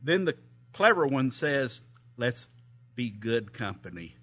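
A man's voice: mid-range voice, sing-song, slow pace, a bit bright. A man preaching to a congregation, retelling a camp story in a sermon with frequent hesitations and chuckles. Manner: hesitant, many uh fillers, chuckles. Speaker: pastor reading a volunteer's story.

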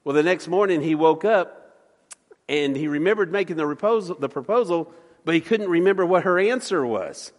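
Joking folksy preacher in a reverberant hall. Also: male voice, on the high side, expressive, normal speed. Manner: joking, folksy, stammers and repeats words. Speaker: pastor. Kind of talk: sermon with jokes. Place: church sanctuary.

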